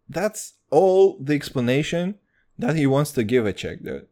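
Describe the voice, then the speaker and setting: A young man hosting a podcast in a casual, excitable chat, swearing freely and calling everyone "dude". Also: on the high side, measured pace. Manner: excitable, profane, says "dude" constantly. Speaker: podcast host.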